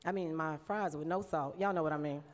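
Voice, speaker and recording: A woman with a drawl delivers a tribute from a podium, her voice sitting fairly low. She talks in a loose, chatty way, laughing often and getting close to tears. Her words ring out in a large hall with a long reverb tail. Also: a little fast. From United States. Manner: warm, chatty, laughs often, mimics others in quotes. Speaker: award presenter giving an induction speech. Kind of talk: emotional tribute speech at a podium.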